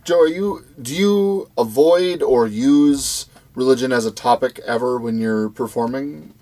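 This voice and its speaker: A man adds quick, wry comments and asks questions during a casual talk. His pitch is ordinary for a man. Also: mellow. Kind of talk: casual chat.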